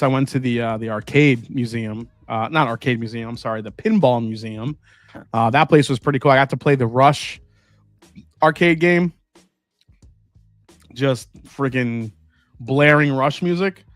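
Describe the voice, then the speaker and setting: A man's voice: mid-range voice, no room sound. A man hosting a live stream, chatting casually and rambling while tasting and answering viewer comments. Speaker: host.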